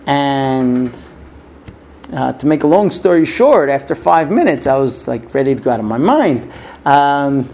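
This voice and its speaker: A man's voice: mid-range voice, lively intonation, gravelly, darkish tone. A middle-aged man, not a native English speaker, giving an informal sermon full of stories, often stumbling and restarting his sentences. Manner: halting restarts, storytelling, acts out quoted voices.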